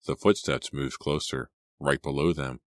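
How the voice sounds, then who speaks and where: A man narrating a horror audiobook in a measured, suspenseful read on a close mic. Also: rumbling low, steady tone, no echo.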